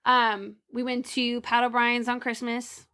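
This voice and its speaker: Young woman podcast co-host, high voice, chatty animated storyteller. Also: unhurried, smooth. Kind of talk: casual chat, storytelling.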